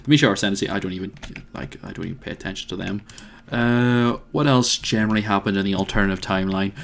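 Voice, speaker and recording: A man's voice: on the low side, fairly even intonation, quick pace, creaky, slight background noise. A man with a Northern Irish accent giving let's play commentary, rambling and musing aloud to himself. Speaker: video game player.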